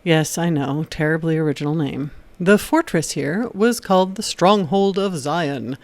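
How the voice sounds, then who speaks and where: A woman hosting an educational video, reading a scripted narration in a steady explanatory way with occasional wry asides. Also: low voice, a little slow, no room sound. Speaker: video essay host.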